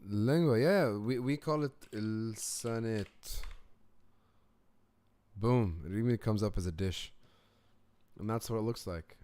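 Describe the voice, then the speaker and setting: A young man hosting a live reaction stream from home, chatting casually and excitedly about viewers' comments. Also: on the low side, takes it slowly, pauses often, no room sound. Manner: excitable, chatty, laughs easily. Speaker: reaction channel host.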